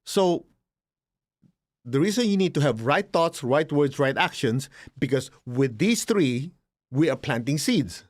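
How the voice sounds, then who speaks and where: A man's voice: a little high, lively intonation, a little slow, dry recording. A middle-aged man giving an informal spiritual lesson, talking directly and acting out complaining students. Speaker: spiritual teacher.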